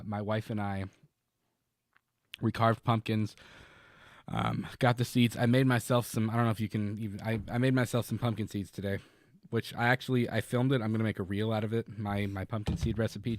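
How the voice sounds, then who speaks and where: A man's voice: lowish voice, steady tone, moderate pace, no echo. A man co-hosting a podcast, telling a long story in casual chat, rambling with many fillers and restarts. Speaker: podcast co-host.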